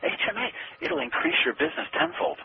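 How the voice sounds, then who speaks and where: A man giving sales advice in a radio interview, animated and acting out phone calls, heard through noisy lo-fi phone-like audio. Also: very high voice, fast talker, vocal fry. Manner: animated, acts out phone calls in quoted voices. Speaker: sales trainer guest.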